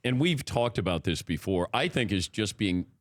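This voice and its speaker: A man's voice: fairly low pitch, lively intonation, normal speed, dry recording. A man hosting a radio show interview, asking brief, curious questions in casual chat.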